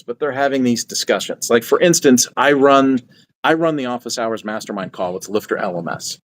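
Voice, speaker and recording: A man's voice: medium pitch, dry recording. Older man giving folksy advice. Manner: folksy, repetitive, quotes himself in asides. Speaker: channel host. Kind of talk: casual spoken advice.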